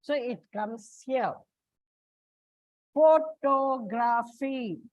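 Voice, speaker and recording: Slow and deliberate, a woman with an Indian English accent runs an English lesson, repeating example words and spelling their endings out letter by letter. Her voice is high and expressive with no echo, though the lo-fi recording sounds dull and muffled.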